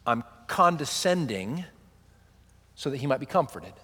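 A man's voice: mid-range voice, sing-song, unhurried, a bit bright, breathy edge, long reverb tail. A man in his thirties preaching a sermon, with a conversational delivery full of "right?" asides. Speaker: pastor.

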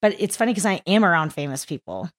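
A woman from East Texas, a climbing guide, telling stories as a podcast guest with lots of laughter in a rambling, animated way. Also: lowish voice, quick pace. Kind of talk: casual podcast chat. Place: recorded in a mountain town in Colorado.

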